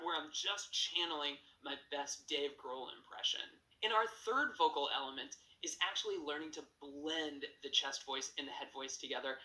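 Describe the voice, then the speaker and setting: A man with a clean, bright, ringing voice teaching singing, explaining technique in a singing lesson. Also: fairly high pitch, reverberant, low-quality recording. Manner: explanatory, breaks into sung demonstrations. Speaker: vocal coach.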